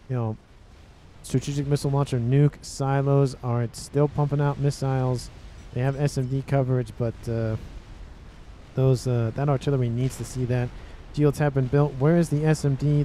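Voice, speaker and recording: A man's voice: medium pitch, mellow, a little hiss or hum. A man giving casual commentary on a strategy game match, rambling and correcting himself, often breaking into exasperated rhetorical questions.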